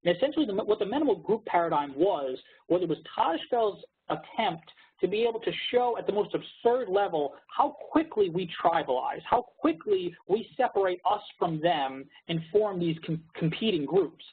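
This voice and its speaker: A man's voice: high voice, lively intonation, moderate pace, breathy edge. A man co-presenting a webinar, explaining research studies in a lecturing way over a video call. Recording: narrow phone-like webinar audio.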